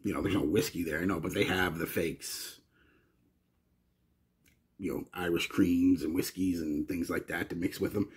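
A man's voice: low voice, steady tone, moderate pace, pauses often, husky. A Canadian man chatting to viewers in a casual, rambling fragrance review. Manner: rambling and chatty, with frequent restarts.

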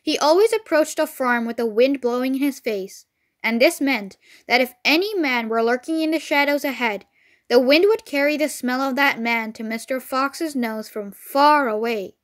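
A woman with a high, light voice reads a children's storybook aloud. She narrates clearly and with expression, in a read-along style. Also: moderate pace.

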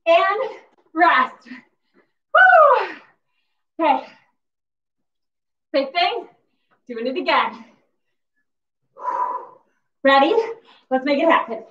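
Leading a workout class at an exercise facility, a breathless female instructor shouts cues and whoops encouragement. She speaks in a high, animated voice, taking it slowly and pausing often, heard from far off in an echoey gym with dull audio.

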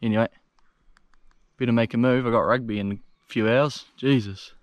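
A young New Zealand man talks straight into his action camera out on a steep hillside. He is excitable and blunt and swears freely. His voice sits at an ordinary middle pitch. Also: normal speed, a little hiss or hum. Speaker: hunter filming himself. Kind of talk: casual self-filmed commentary. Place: steep hillside gully outdoors.

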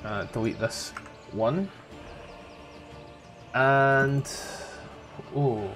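A man's voice: mid-range voice, very slow, fairly bright tone, soft background music. A man chatting casually as a tabletop game player, swearing and thinking aloud about the rules.

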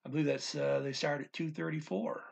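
A man teaching a language in a casual, thinking-aloud way, reading phrases slowly and restarting often. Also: on the high side, flat delivery, vocal fry, husky. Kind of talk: casual explanatory lesson.

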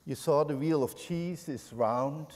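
A Dutch man speaking on stage, telling a wry story in measured, deliberate phrases. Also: on the high side, darkish tone, big-room sound. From Netherlands. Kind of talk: slow, deliberate storytelling talk.

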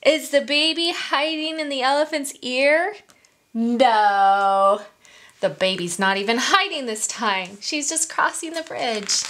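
Her voice high, slow and fairly bright, a woman reads a picture book to young children during story time. She uses a sing-song delivery, poses questions to the kids and slips into whispers for asides.

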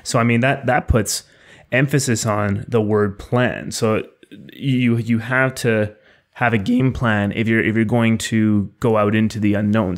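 Flat-voiced man musing on a podcast. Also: lowish voice. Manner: thoughtful, reflective. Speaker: podcast co-host. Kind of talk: casual discussion of a poem.

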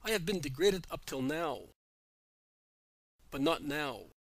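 A proud, self-possessed woman in a read-aloud religious tale, voiced by a man in his own slightly high voice. She speaks with earnest, measured firmness. The sound is close and dry. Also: expressive, no echo, full character voice. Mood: resolute. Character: proud reformed woman, dignified and firm.

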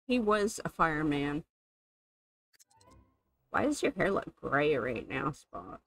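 A woman hosting a gaming channel thinks aloud as she plays a life-sim game, her commentary chatty and amused. Her voice is deep and very animated, yet she speaks slowly with long pauses, and the audio quality is poor.

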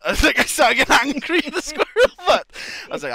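Young man, casual storyteller, lively swooping delivery, crisp and bright. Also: very high voice, fast talker, hardly any pauses. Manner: rambling, sweary, laughs through his story. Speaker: podcast guest.

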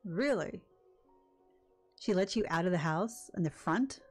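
A woman's voice: fairly low pitch, animated, a little slow, faint music behind. An older woman hosting a gaming video, chatting casually and reacting emotionally as she plays. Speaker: gaming channel host. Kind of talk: casual let's-play commentary.

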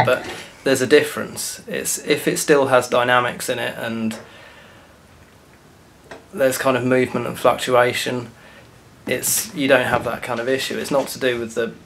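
A man's voice: mid-range voice, flat delivery, moderate pace, gravelly, fairly bright tone, a little hiss or hum. A man co-hosting a casual chat vlog, throwing in dry, sarcastic asides. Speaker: vlog co-host.

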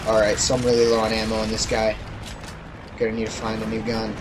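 A young man giving casual, jokey gameplay commentary who yelps and shouts when something startles him. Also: on the low side, monotone, fast talker, background noise. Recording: loud game gunfire behind voice. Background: gunfire and explosions from the game.

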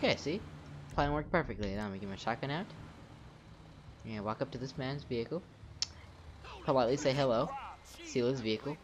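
A man's voice: medium pitch, animated, fairly quick, pauses often, lo-fi sound, noisy background. A young man casually commenting while he plays a video game, narrating his own moves and swearing at the game when things go wrong. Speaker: gameplay commentator. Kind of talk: casual let's-play commentary. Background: game music.

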